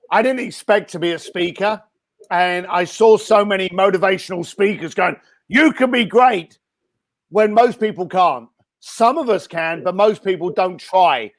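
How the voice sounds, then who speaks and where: A man answering interview questions over a video call in a blunt, energetic way, with many fillers and restarts, his voice a little hoarse. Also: high-pitched. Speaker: guest speaker and entrepreneur.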